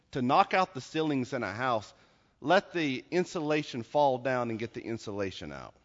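Earnest man preaching in an echoing hall. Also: mid-range voice. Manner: earnest storytelling preacher, addressing listeners directly. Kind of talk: sermon. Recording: dull audio with long hall reverb.

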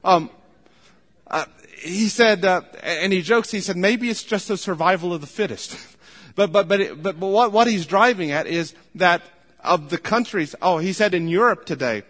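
A man's voice: high voice, a little slow, fairly bright tone. Earnest preacher man in a reverberant hall. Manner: earnest, emphatic preaching with frequent restarts. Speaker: pastor. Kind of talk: sermon.

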